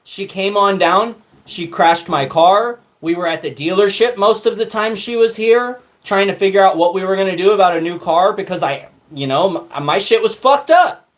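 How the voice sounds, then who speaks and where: A man's voice: high voice, normal speed. Man ranting on a livestream. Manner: profane, animated storytelling. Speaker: livestream co-host. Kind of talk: casual livestream chat.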